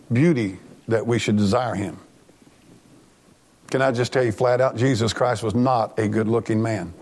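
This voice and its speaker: A man's voice: mid-range voice, a little mellow. A middle-aged man preaching a sermon as pastor, earnest and plainspoken, often restarting his sentences.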